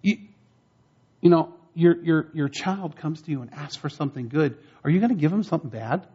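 A man's voice: fairly high pitch, animated, fairly quick, mellow, breathy edge, highs cut off. A man preaching a conversational sermon, telling stories in a folksy way and building up emphasis on his main points. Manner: folksy, storytelling, rising emphasis on key points.

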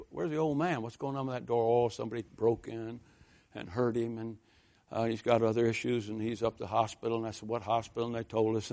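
A man preaching a sermon, telling folksy stories in a conversational way and building to loud, fervent exhortation. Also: on the low side.

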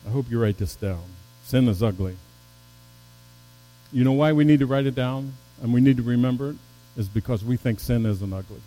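Mellow-voiced man preaching a sermon. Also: low-quality recording. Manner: rises to emphatic peaks, drops low and soft. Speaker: pastor.

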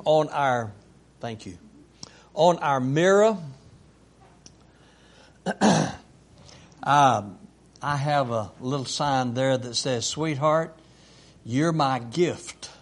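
Slow, halting man speaking tenderly. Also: mid-range voice, lively intonation. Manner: halting, many fillers and restarts, tender. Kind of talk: casual chat at home.

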